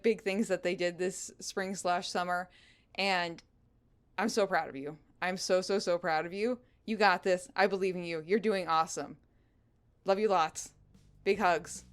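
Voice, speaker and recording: A woman's voice: on the low side, a bit bright. A woman hosting a podcast, giving an encouraging pep talk and repeating her reassurances again and again. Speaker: podcast host.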